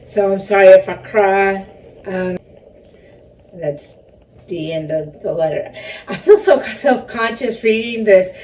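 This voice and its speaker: A woman's voice: mid-range voice, slow pace, pauses often, a little mellow. A woman talking about her film and one-woman show in a rambling, chatty way, with self-conscious laughs. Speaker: filmmaker and performer being interviewed. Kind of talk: casual interview talk. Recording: distant mic with faint background noise.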